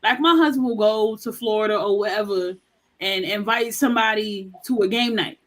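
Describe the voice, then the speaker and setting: A woman's voice: medium pitch, moderate pace, fairly bright tone. A woman chatting on a podcast, telling stories and quoting what people said. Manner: chatty, storytelling with quoted lines. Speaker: podcast co-host. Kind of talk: casual podcast chat.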